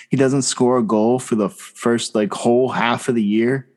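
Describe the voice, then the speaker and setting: A young man co-hosting a casual sports podcast, animated and slangy, often talking over his partner. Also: medium pitch, normal speed, hardly any pauses. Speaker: podcast co-host.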